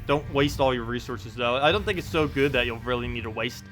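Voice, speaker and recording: A chatty male game streamer with a bright, forward voice, talking casually as he plays and answers viewers. He laughs easily and drifts between thoughts, with faint game music under him. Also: medium pitch, a little fast. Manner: chatty, reading out chat and laughing often. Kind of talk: casual live-stream chat. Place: home in South Carolina.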